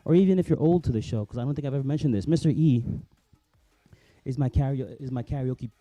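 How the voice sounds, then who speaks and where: A man's voice: medium pitch, quick pace, mellow, no echo, highs cut off. A middle-aged man from New Jersey hosting a vlog, chatty and self-mocking, rambling with many restarts. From New Jersey, USA. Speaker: vlog host. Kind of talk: casual rambling vlog talk.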